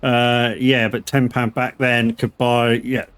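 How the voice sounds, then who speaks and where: Middle-aged male streamer, mid-pitched voice, rambling anecdotes, swears freely. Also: level tone, slow, a bit bright, smooth. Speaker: gaming streamer. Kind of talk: casual chat while playing a farming game.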